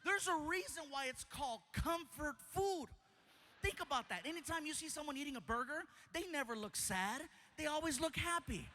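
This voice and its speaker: A man doing stand-up, telling a long story in an animated, playful manner. His voice is high and bright, and he slips into other people's voices as he goes. Faint noise sits under the recording. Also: normal speed. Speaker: stand-up comedian.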